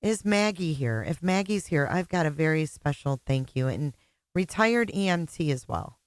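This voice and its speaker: In an expressive voice that sits low, at normal speed and with no echo, a middle-aged woman chats casually on her livestream. She greets viewers by reading out their names, emotional and on the verge of tears.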